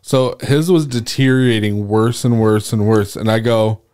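Low-voiced man making wry asides. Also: moderate pace, darkish tone, clear, resonant tone. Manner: wry quips and dry asides. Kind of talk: casual chat.

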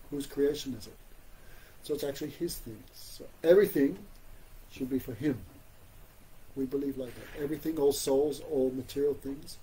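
A man giving an informal religious class, conversational and gently humorous, often asking his listeners "you know?". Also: mid-range voice, slightly rough, low-quality recording. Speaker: spiritual teacher giving a class.

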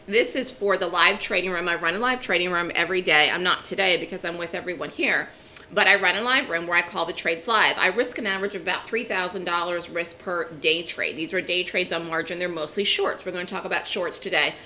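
Female market educator, voice worn and crackly, brisk lecture delivery over a call line, low and crisp. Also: sharp tone. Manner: brisk, rallying, asks and answers her own questions. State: losing her voice, crackly. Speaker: trading educator and market commentator. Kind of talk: webinar lecture. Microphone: video call.

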